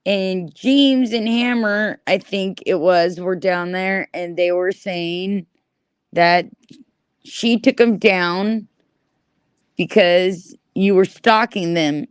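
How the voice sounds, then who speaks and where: A woman chatting casually on a livestream, animated and swearing freely as she talks back to her chat. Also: mid-range voice, slow, clear, resonant tone, no echo. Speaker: livestream host.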